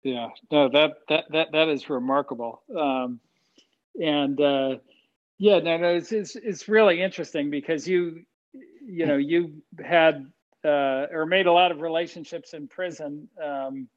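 A man interviewing a guest in a conversational chat, asking questions in a halting way with many restarts. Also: a little high, dull audio.

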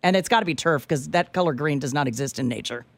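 A woman's voice: low voice, fast, dry recording. A woman co-hosting a talk radio show, chatting in a playful, laughing way. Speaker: radio co-host. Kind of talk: casual talk radio banter.

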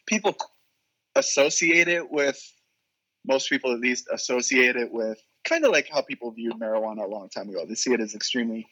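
Young man, bright and forceful tone, laughing storyteller, podcast guest. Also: mid-range voice, low-quality recording. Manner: laughs often, animated storytelling with quoted voices.

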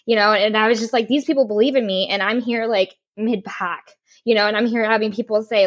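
A young woman speaking as a podcast guest, open and emotional, with frequent laughs and casual swearing. Her voice sits a little high, and the recording sounds slightly muffled and lo-fi. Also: fast talker. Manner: emotional, animated, laughs often, swears freely. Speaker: podcast guest, race car driver. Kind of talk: candid conversational interview. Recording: lo-fi muffled audio.

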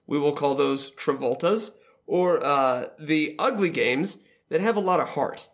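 A man's voice: a little high, measured pace. A man hosting a casual roundtable chat about video games, leading the group and laughing easily. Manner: leads the discussion, laughs easily. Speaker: podcast host.

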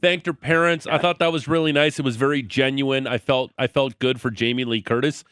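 Radio co-host guy, mid pitch, lots of ums, dry close mic. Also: fairly even intonation, a bit bright, clear, resonant tone, dry recording. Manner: halting, with many fillers. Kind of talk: casual radio chat.

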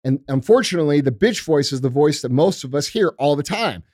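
A man's voice: fairly high pitch, lively intonation, brisk, a little mellow, dry recording, clean studio sound. A male podcast host giving a blunt, profane motivational talk in a casual, emphatic way.

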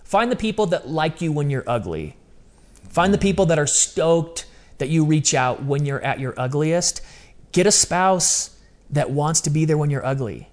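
A man's voice: a little high, lively intonation, moderate pace. A man talking as an interview guest, telling personal stories in an emphatic, casual, slang-heavy way. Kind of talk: candid personal storytelling.

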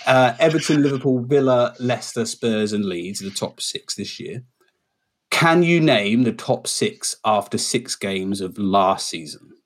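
A man's voice: mid-range voice, lively intonation, a little slow. A man hosting a casual football podcast, running the segments and quizzing his co-hosts. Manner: runs the segments, reads out lists, quizzes the others. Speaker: podcast host.

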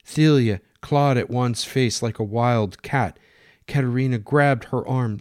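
A man narrating a dramatic story in steady, plain reading. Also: mid-range voice, unhurried, no echo, clean studio sound.

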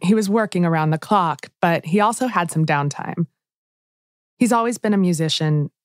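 A woman's voice: on the low side, moderate pace, no echo. A woman narrating a documentary in an enthusiastic, conversational scripted style. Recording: dry studio voice-over with soft music.

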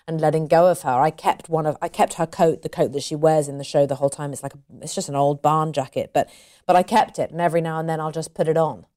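A woman with a fairly low voice chats as an interview guest. She talks in an animated way, laughs often and restarts her sentences. The tone is casual and relaxed. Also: quick pace. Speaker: actress guest.

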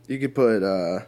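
A man co-hosting a podcast in a laid-back, casual chat, drawing his words out. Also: medium pitch. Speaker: podcast co-host.

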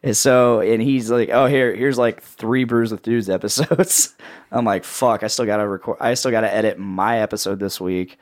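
Male podcast host, casual chat, jokey rambling pitch, dry close sound. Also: moderate pace, no echo. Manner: rambling, jokey sales-pitch delivery with laughs. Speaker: podcast host and network editor.

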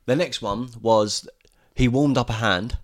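A man's voice: mid-range voice, unhurried. A man, chatting casually about a film and agreeing easily with his co-host. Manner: easygoing, agreeable, laughs often. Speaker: podcast co-host.

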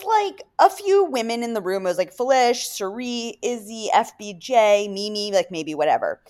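Woman co-host, lively pitch swings, excitable storyteller. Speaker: podcast co-host. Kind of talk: casual chat.

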